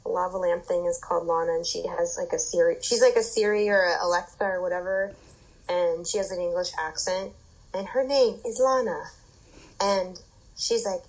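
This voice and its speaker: A woman with a fairly low voice hosts a podcast in casual chat. She rambles through her story and fills it with "like" and "um". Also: moderate pace, rough recording. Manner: rambling, filler-heavy storytelling.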